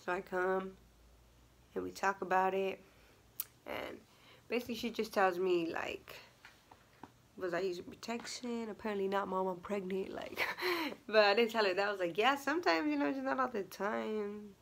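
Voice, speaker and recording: A woman's voice: medium pitch, normal speed, gravelly. A young woman vlogging casually, chatty and full of fillers, acting out what people said. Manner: chatty, many fillers and laughs, acts out quotes. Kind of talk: casual storytime vlog.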